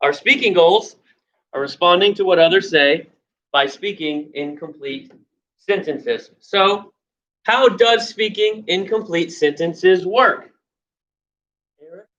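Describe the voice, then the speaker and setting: A woman's voice: fairly low pitch, slow pace, long pauses, a bit bright, dull audio, slight background noise. A woman teacher leading young children through a lesson, patiently prompting and repeating her questions. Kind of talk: classroom instruction to young children.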